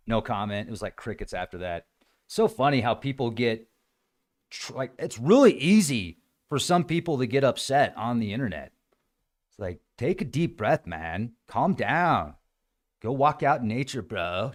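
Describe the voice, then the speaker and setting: A man hosting a casual livestream, talking in an animated way and acting out other people's voices now and then. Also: mid-range voice, moderate pace. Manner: animated, acts out quoted voices. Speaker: host.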